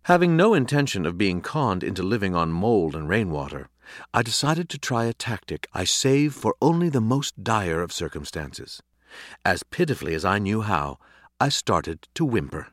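A man reading a storybook aloud with a wry, expressive delivery, recorded in a dry studio. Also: on the low side, moderate pace, no echo. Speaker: audiobook narrator. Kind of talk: scripted storybook narration.

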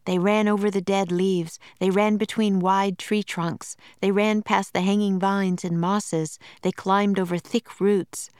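Slow, measured woman reading a storybook. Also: medium pitch, fairly even intonation, darkish tone, clear, resonant tone, no room sound, clean studio sound. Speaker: narrator.

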